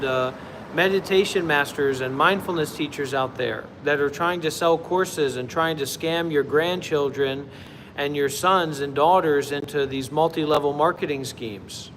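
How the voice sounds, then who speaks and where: A man's voice: fairly high pitch, fairly bright tone, big-room sound, slight background noise, poor audio. A man who teaches meditation on a livestream and talks in a chatty, rambling way with lots of fillers. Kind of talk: casual livestream talk.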